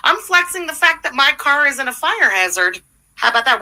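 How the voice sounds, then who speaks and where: Woman host, high bright voice, blunt and profane, reaction stream. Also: big pitch swings, brisk, low-quality recording. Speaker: livestream commentary host. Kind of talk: livestream reaction commentary.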